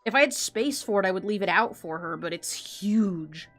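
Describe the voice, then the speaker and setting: A woman's voice: medium pitch, lively intonation, moderate pace, a bit bright. Woman, casual chat, rambling, giggly, filler-heavy, faint music underneath. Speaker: artist chatting while drawing.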